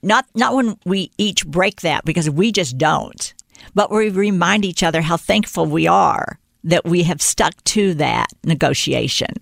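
A woman's voice: lowish voice, a little slow, creaky, no room sound, clean studio sound. An older woman, a guest in a casual interview, telling stories and acting out quoted lines. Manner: storytelling, animated when quoting.

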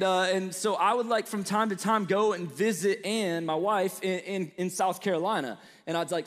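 A young Midwestern man with a slight Southern twang gives a relaxed, talkative sermon to college students. His voice sits high for a man, and it rings out with the long reverb of a big hall. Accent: Midwestern American with a slight Southern twang. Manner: conversational, storytelling, lots of fillers and asides. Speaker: preacher.

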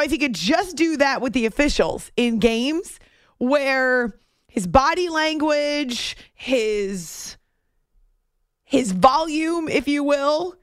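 A woman's voice: sits high, no echo, studio quality. A woman hosting a sports talk segment, chatty and wry, commenting on basketball news. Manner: chatty, wry, laughs between points.

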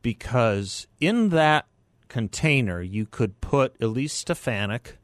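A man hosting a political talk radio show, speaking in deliberate, drawn-out emphatic phrases. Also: medium pitch, expressive, no echo. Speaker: radio host.

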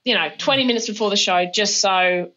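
Bright animated woman. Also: medium pitch, brisk, highs cut off. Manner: animated storytelling, acts out voices. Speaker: comedian guest. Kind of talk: casual podcast chat.

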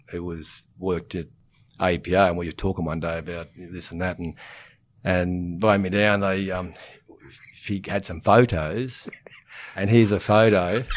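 A man's voice: low voice, a little hiss or hum. An Australian man in his sixties, a former chief executive, telling rambling anecdotes as a podcast guest and chuckling as he goes. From Queensland, Australia. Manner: rambling, self-interrupting, chuckles through his stories. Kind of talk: casual anecdotal storytelling.

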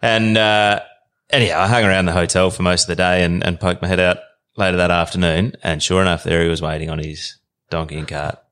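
Deep-voiced laid-back Australian man. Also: steady tone, fairly quick, fairly bright tone. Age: 30s. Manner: easygoing, rambling yarn-spinner. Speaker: podcast guest. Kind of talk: casual storytelling.

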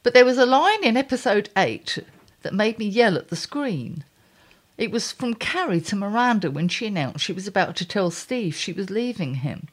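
A middle-aged woman reads her column aloud, her pitch roaming up and down as she goes. She breaks off into blunt, exasperated asides with a dry, wry humour. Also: sing-song, moderate pace. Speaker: columnist and podcast host.

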